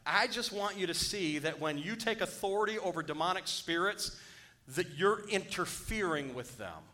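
Preacher guy reading scripture then preaching hard, bright forceful voice. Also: high voice, animated, normal speed. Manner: reads scripture aloud and breaks off to preach; rises to urgent exhortation. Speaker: pastor. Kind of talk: sermon.

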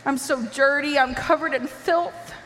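A woman giving an emotional personal testimony, impassioned and pleading, rising at times to near shouts. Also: sits high, steady tone, unhurried, in a large hall, slight background noise.

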